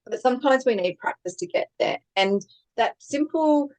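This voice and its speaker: A young adult woman co-hosting a podcast, sharing thoughts in a calm, reflective, measured way. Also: on the high side, low-quality recording. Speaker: podcast co-host. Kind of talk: casual chat, reflective sharing.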